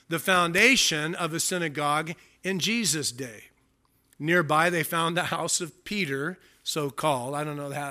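Forceful preacher reading scripture. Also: male voice, on the high side. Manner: reads scripture aloud, adds joking asides. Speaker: pastor. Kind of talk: sermon.

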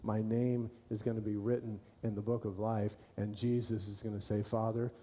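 A man's voice: lowish voice, flat delivery, normal speed, mellow, slight background noise. A man preaching a sermon to his church, folksy and repeating key phrases for emphasis. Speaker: pastor.

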